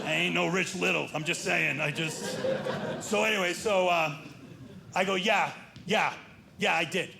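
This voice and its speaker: High, gravelly stand-up comedian. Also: male voice. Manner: animated storytelling, acts out other people's lines. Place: comedy club stage with a live audience. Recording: live stage recording with loud audience noise.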